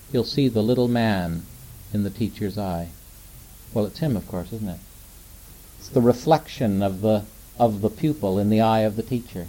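Middle-aged male preacher, warm mellow tone, gentle and conversational, leans on rhetorical questions. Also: mid-range voice, poor audio. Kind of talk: sermon.

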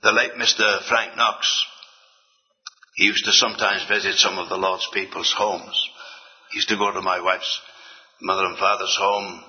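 A man preaching a sermon in an earnest way, swinging between emphatic lines and hushed asides. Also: deep voice, little pitch movement, normal speed. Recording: dull, long-reverb hall.

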